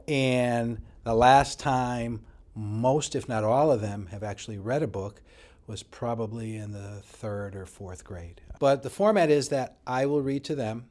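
A man working as a high school principal, answering interview questions in an emphatic, animated way.

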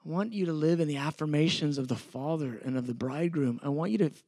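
A man's voice: on the high side, fast talker, a little mellow, no echo. A middle-aged man, preaching a sermon in an earnest, conversational way with repeated phrases. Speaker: pastor teaching a sermon.

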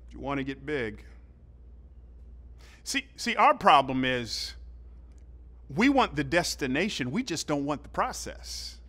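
A middle-aged man from the South, preaching a sermon with animated storytelling and loud bursts for effect. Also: on the high side, takes it slowly, pauses often. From southern United States. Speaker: pastor.

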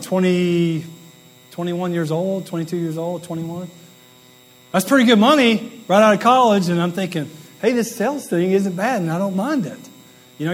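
Folksy high-voiced man telling stories. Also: low-quality recording. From Southern United States. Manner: rambling, folksy and self-deprecating, with asides and laughs. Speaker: guest business speaker. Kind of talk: storytelling talk to an audience.

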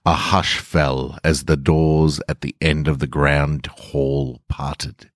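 A man reading a story aloud in measured, deliberate scripted narration. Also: rumbling low, little pitch movement, dry recording, clean studio sound.

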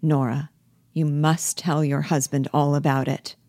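Woman voicing a calm firm friend, quiet plain speech, low voice, dry sound, read-aloud play. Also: a little slow, no room sound.

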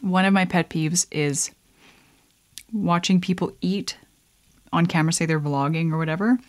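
A woman's voice: lowish voice, fairly even intonation, moderate pace. A young woman vlogging casually while she mixes a drink, chatty and playful, with frequent laughs and asides.

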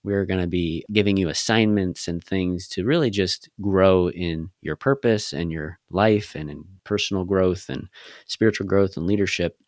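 A man's voice: sits low, dry recording, clean studio sound. A man co-hosting a faith podcast, earnestly coaching listeners through step-by-step challenges. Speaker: podcast co-host. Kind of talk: faith-based podcast teaching.

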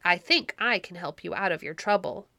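A woman's voice: fairly low pitch, moderate pace, pushed and bright, dry recording. Woman doing a cheerful, clever shepherd. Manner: hearty, reassuring. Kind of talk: audiobook reading.

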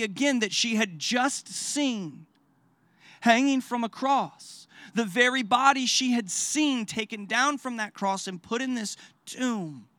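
Slow, emphatic male preacher with a high voice. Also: bright, forceful tone, no room sound. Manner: emphatic, repeats phrases for weight, rhetorical questions. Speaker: pastor. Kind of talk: sermon.

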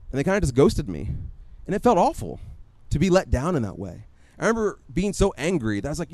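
Guy preaching, chatty and animated, tells stories, kinda high voice, no room echo. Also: very fast, few pauses. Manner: conversational, animated storytelling with quoted asides. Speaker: pastor. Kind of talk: sermon.

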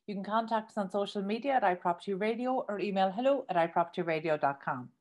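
A woman with an Irish accent hosting a radio interview, asking questions in a bubbly, animated way. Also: medium pitch, fast. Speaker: radio show host. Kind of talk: podcast interview.

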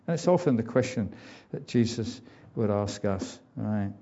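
Preacher with a mellow, dull-toned voice. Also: male voice, on the low side, expressive, normal speed. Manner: conversational preaching with fillers and asides. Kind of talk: sermon.

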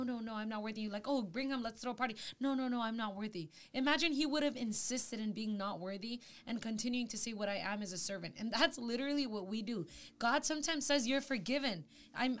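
A woman's voice: fairly high pitch, fairly bright tone. A woman in casual faith talk, earnest and reflective as a co-host. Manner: earnest, reflective, quotes scripture. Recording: faint music behind.

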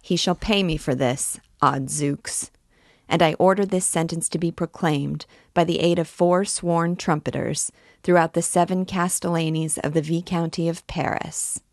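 A woman's voice: lowish voice, steady tone, measured pace, darkish tone, no echo, clean studio sound. A woman voicing a furious, imperious male judge who scolds and sentences a prisoner. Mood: angry.

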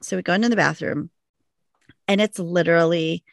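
A woman's voice: fairly low pitch, fairly even intonation, brisk, vocal fry, no room sound, clean studio sound. A young woman co-hosting a podcast, telling a funny story in casual chat with lots of fillers and laughter. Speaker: podcast co-host.

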